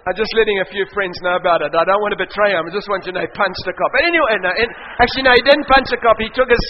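A man preaching a sermon, telling stories in an animated, joking way and often laughing. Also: high-pitched, racing, a little hiss or hum. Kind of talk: sermon storytelling. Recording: echoey hall, dull sound.

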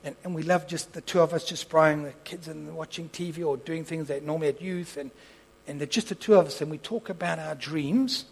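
A man preaching, telling a story and acting out its dialogue, moving between soft asides and loud impassioned peaks. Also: on the high side, a little fast, vocal fry, slightly rough, poor audio. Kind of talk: storytelling sermon.

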